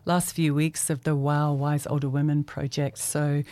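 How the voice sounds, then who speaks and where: A woman hosting a community radio interview in a studio, chatty and quick to laugh. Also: low-pitched, level tone, warm tone, no room sound. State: slightly out of breath. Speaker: radio host.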